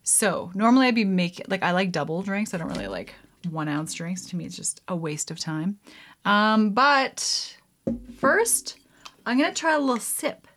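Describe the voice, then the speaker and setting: This woman's medium-pitched, slightly bright voice moves at a normal speed with lively intonation, over slight background noise. Mixing a drink at home, she chats to camera for her viewers in a giggly, rambling, self-deprecating way, full of "like"s and "um"s.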